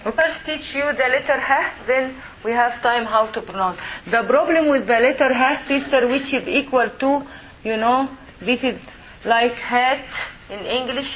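A woman teaching Arabic letters in a mosque, patiently repeating each sound and modeling pronunciation slowly for her students. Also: high-pitched, a bit bright, slight background noise, rough recording. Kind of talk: classroom lesson.

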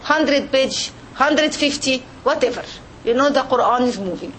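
A woman's voice: high-pitched, expressive, moderate pace, fairly bright tone, a little hiss or hum, rough recording. Earnest middle-aged woman telling stories. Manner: earnest, emotional storytelling, direct address. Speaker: pediatrician giving a religious talk to women. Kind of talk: heartfelt religious talk.

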